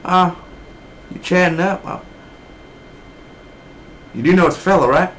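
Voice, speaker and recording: A man's voice: sits high, unhurried, fairly bright tone, slight background noise, voice pushed up. A man doing a drawling old boss. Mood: amused.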